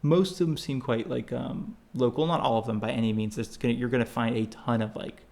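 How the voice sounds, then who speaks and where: A man's voice: mid-range voice, steady tone, a little fast, creaky, darkish tone. A man co-hosting a podcast, chatting casually about travel, rambling with lots of fillers and restarts. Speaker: podcast co-host.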